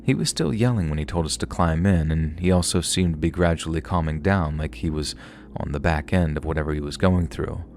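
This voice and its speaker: A man narrating a horror story in a calm, steady storytelling voice. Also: a bass voice, fairly quick, slight background noise.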